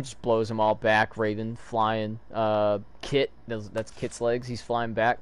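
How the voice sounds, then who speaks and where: A man giving excitable, casual reaction commentary while reading a comic aloud, throwing in loud sound effects. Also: fairly low pitch, slow pace, hardly any pauses, a little hiss or hum. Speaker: video host reading a comic.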